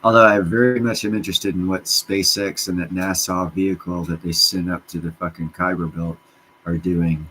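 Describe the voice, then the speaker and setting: Deep-voiced man ranting casually, profane and excitable. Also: moderate pace, slightly rough, rough recording. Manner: profane, excitable, jumps between topics. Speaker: livestream host answering chat. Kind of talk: casual rambling rant.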